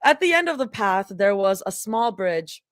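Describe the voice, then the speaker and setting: Giggly woman reading aloud with lively pitch. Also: normal speed, dry recording, studio quality. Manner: giggly, chatty asides. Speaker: livestream reader. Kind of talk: live reading of fan fiction with commentary.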